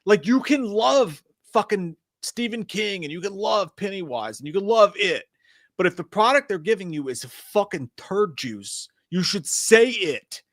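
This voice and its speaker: A man's voice: high voice, animated, moderate pace, no echo, studio quality. A man co-hosting a live movie stream, ranting bluntly with heavy swearing. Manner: blunt, profane, heated ranting. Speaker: co-host. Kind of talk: casual live-stream chat.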